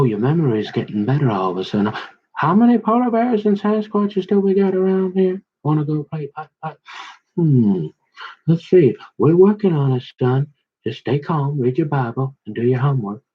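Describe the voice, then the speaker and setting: A man's voice: mid-range voice, breathy edge, highs cut off. A man talking in a loose, slangy, rambling monologue that jumps from one story to the next and keeps restarting his sentences.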